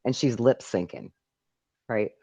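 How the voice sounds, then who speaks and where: A woman's voice: rumbling low, very animated, unhurried, creaky, dark tone, husky, no room sound. A middle-aged woman hosting a live call-in stream, chatting casually and reading viewer messages aloud. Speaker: live call-in show host.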